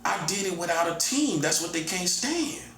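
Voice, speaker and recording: A combative man in his forties lecturing straight at the listener, circling back to the same points and tossing in "buddy" over and over. His voice sits a little higher than most men's. It rings in a roomy space over faint background ambience. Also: big pitch swings, moderate pace, bright, forceful tone, a little hiss or hum. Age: 40s. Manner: repetitive, combative, keeps calling the listener "buddy". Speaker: self-styled prophet giving a monologue. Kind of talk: confrontational spoken monologue.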